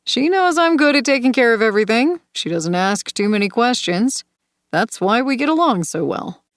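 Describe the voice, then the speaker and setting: A woman voicing a smooth, manipulative man in an audiobook thriller, speaking softly and coaxingly. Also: a little high, normal speed, no room sound, studio quality, voice pushed up, lightly acted. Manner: soft, coaxing, sinister calm. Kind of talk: audiobook character voice.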